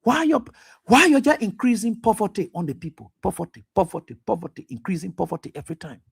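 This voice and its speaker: A man's voice: high-pitched, very animated, fast talker, gravelly, husky. A man hosting a radio talk show, delivering impassioned, accusatory political commentary with repeated pointed questions. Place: radio studio.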